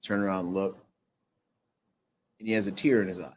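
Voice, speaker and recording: Deep-voiced and level in tone, a middle-aged man tells a personal story as a guest on an interview show. He falters with restarts and fillers and speaks more quietly at the heavy parts, over slight background noise.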